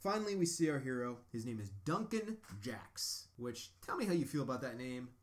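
A young man co-hosting a casual movie podcast from his home basement studio, mocking a film in a sarcastic, animated way. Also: mid-range voice, brisk. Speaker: podcast co-host. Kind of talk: casual movie-review chat.

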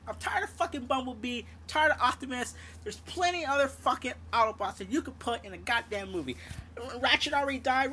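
A woman tears into a blockbuster in a sarcastic, profanity-laden rant, stumbling and restarting as she heats up. Her voice sits somewhat high, with a faint hiss of noise behind it. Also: sharp tone. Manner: heated, sarcastic and heavily profane, with many restarts. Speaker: movie critic ranting on an audio show.

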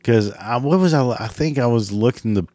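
A man's voice: medium pitch, expressive, normal speed, warm tone, no room sound. A man delivering a crude, exasperated comedic rant, laughing at his own jokes, his voice cracking. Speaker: comedic ranter.

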